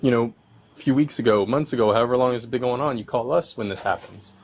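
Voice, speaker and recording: A man working as a police officer, patiently explaining things to a resident with many halting restarts, recorded on his bodycam. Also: medium pitch. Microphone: his own bodycam.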